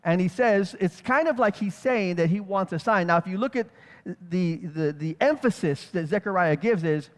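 A male preacher with a high-pitched voice gives a relaxed, conversational Bible teaching at normal speed, his words ringing through a hall with long reverb. He thinks out loud, restarts sentences, and keeps checking in with rhetorical questions like "right?"

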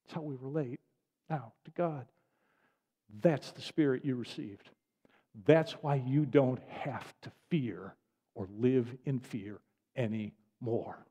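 A man's voice: mid-range voice, mellow, highs cut off. An older man preaching a sermon as pastor, speaking in an earnest, repetitive cadence. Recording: long reverb of a large hall.

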